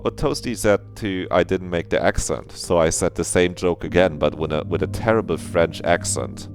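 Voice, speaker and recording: A man's voice: low voice, moderate pace. A man streaming a visual novel, chatting casually with his viewers in a jokey, crude and laughing way. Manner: jokey, talks to chat, laughs often, crude asides. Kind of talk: casual live-stream chat. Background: game music.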